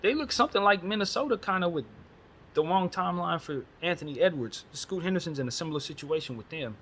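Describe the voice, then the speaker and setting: A man's voice: fairly high pitch, lively intonation, quick pace, a bit bright, slight background noise. A man hosting a casual solo basketball chat, talking bluntly and with strong opinions, using casual slang. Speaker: basketball commentary host.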